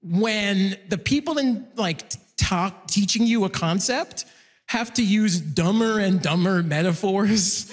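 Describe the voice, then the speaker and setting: A male stand-up comedian, performing a set in a large concert hall, lively and jumping into voices. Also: sits high, slow. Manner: animated, jumps into voices. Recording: live hall reverb. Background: audience laughter.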